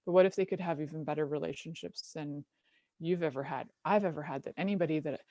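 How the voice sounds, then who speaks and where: A middle-aged woman hosting a talk show in a casual, animated monologue. Her voice sits a little low and sounds close and dry, with no room around it. She laughs often and slips into little voices as she tells stories. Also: fast talker, no room sound. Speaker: show host.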